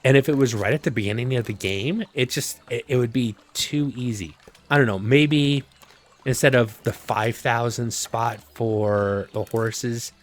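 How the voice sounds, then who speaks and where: A man casually commenting on his gameplay, thinking aloud with relaxed fillers. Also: medium pitch, a little slow. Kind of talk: casual let's-play commentary.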